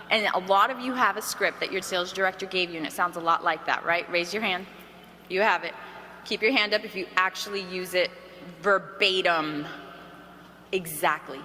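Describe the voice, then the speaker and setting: Bright, energetic woman coaching a crowd. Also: lowish voice, fairly quick. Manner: energetic, coaxing, asks the audience questions. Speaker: sales trainer. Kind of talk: motivational training talk to a room. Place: large hall with an audience. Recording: archived talk in a roomy hall with faint noise.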